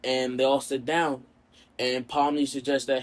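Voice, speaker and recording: Man, casual storyteller, mid-pitched, rambling filler-heavy delivery. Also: level tone, measured pace. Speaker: storyteller and video creator.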